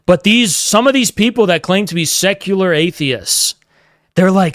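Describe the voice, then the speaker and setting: A man's voice: high-pitched, lively intonation, normal speed, fairly bright tone, no echo, studio quality. A man streaming a heated, profane, combative rant. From United States.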